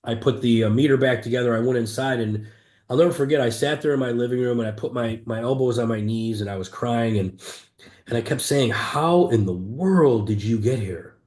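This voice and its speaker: Speaking as an entrepreneur guest in an interview, a man candidly retells a hard stretch of his life, earnest and emphatic with frequent restarts. His mid-range voice is steady and darkish, a little fast, and the room adds an echo.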